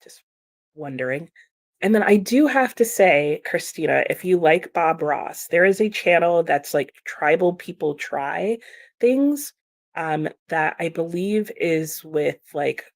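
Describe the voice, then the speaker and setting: A woman's voice: lowish voice, animated, takes it slowly, no echo. Chatty young American woman streamer. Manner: chatty, laughs often, reads viewer comments aloud. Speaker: livestream host reading chat. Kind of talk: casual livestream chat.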